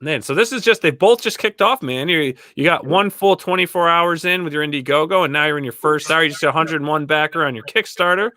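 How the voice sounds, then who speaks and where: A man co-hosts a casual online show and greets viewers and guests in an upbeat way. His voice is fairly high and bright with some edge. The sound is close and dry, with little room echo. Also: fast, few pauses. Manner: upbeat, welcoming viewers in the chat and introducing guests. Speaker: co-host. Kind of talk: casual chat.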